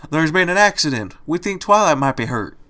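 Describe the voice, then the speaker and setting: A man's voice: on the high side, very animated, a little fast, bright, forceful tone, pitched above the performer's own voice. A man voicing a firm, level-headed country pony mare who gives orders in folksy phrasing. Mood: urgent.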